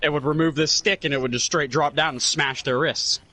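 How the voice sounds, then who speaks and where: A young man chatting over a video game, telling rambling, profane childhood anecdotes with lively quoted voices. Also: on the high side, brisk. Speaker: gamer telling stories. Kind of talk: casual chat over gameplay.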